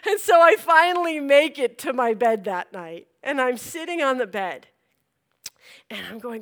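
A young woman telling a personal story in an animated way, acting out her own reactions and laughing as she goes. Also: high voice, normal speed.

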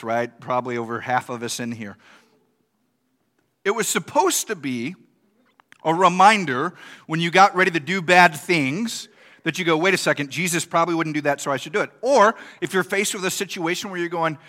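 A man's voice: on the high side, sharp tone. A male pastor giving a conversational sermon, asking the congregation questions and acting out quoted reactions.

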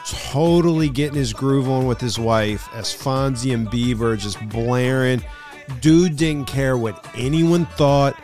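A middle-aged man hosting his podcast, telling a vacation story in a casual, excited way and calling the listener "dude" a lot. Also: medium pitch. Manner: excited, slangy, keeps saying "dude". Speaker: podcast host.

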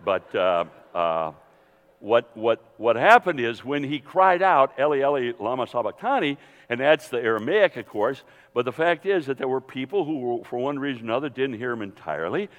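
A man teaching a Bible seminar in a lively, digressive sermon style, full of restarts and asides, speaking to an audience in a hall. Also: medium pitch, normal speed, dull audio. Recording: long hall reverb.

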